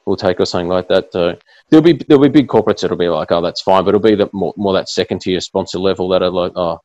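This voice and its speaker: A man's voice: deep voice, fast talker, mellow, no room sound, dull audio. A man hosting a casual podcast chat over a call, rambling with many restarts and fillers. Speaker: podcast host. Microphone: video call.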